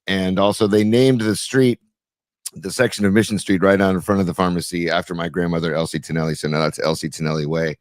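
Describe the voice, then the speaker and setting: A man from San Francisco co-hosting a casual sports podcast, relaxed, reading viewer messages and stat lines. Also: low-pitched, fast, no room sound, clean studio sound. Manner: laid-back, reads chat messages and stat lines. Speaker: podcast co-host.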